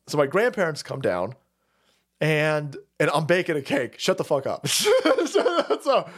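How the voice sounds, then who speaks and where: A man hosting a livestream, ranting casually to chat, swearing constantly and laughing between stories. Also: on the high side. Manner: swears constantly, laughs often, animated storytelling. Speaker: livestream host reading chat. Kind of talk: profane casual rant.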